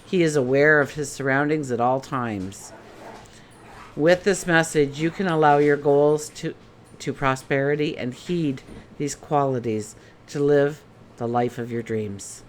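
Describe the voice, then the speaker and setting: A woman's voice: deep voice, unhurried, a little hiss or hum. A woman giving a casual daily tarot reading in a chatty way, asking many rhetorical questions. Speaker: tarot reader.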